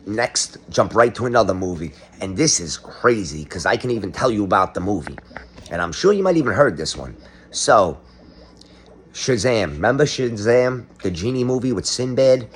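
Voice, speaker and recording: A man's voice: fairly low pitch, animated, moderate pace, a little hiss or hum. A middle-aged man doing a comedic monologue, ranting sarcastically as if exposing a conspiracy. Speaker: comedic commentator.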